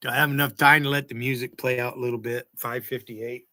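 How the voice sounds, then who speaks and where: A man's voice: medium pitch, level tone, a little fast, pushed and bright. A man hosting his own livestream, talking crude and confrontational, swearing at chatters. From United States. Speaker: livestream host. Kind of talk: casual livestream chat.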